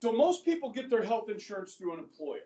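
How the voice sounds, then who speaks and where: A man in his fifties teaches a high school government class, his voice carrying through a roomy, echoing classroom. He is picked up by a recorder set well away from him. He talks in a chatty way and keeps checking in with the students. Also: big pitch swings, fast, mellow, dull audio. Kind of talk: classroom lecture. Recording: echoey classroom from far off.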